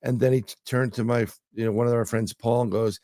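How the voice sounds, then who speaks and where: A man's voice: medium pitch, steady tone, fast talker, mellow, dry recording, studio quality. A man, a guest telling rambling anecdotes in casual conversation, full of fillers and restarts. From New York City. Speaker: guest, remote viewer. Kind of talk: casual interview storytelling.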